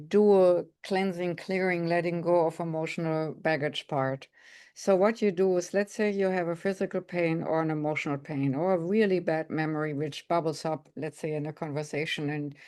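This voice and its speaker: A middle-aged woman, a psychic consultant, calmly explaining spiritual exercises step by step. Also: on the low side. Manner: calm, instructive, explains step by step. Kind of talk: guided spiritual instruction.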